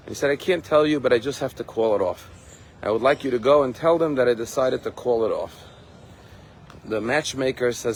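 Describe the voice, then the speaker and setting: Male rabbi, mid-pitched storyteller who acts out his quotes, faint street noise. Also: brisk, low-quality recording. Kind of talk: sermon storytelling.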